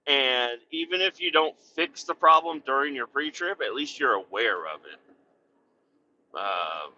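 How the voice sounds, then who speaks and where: A man who drives a truck and hosts a podcast, rambling through a road story with steady cursing and laughs. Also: medium pitch, a little slow. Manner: rambling, heavy cursing, laughs at his own stories. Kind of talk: casual storytelling chat. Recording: dull lo-fi audio.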